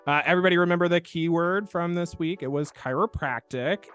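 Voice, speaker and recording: A man hosting a podcast as a chiropractor, telling a story in a playful, animated way and laughing often. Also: on the high side, a little fast, clean tone, faint music behind. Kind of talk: casual podcast chat and storytelling.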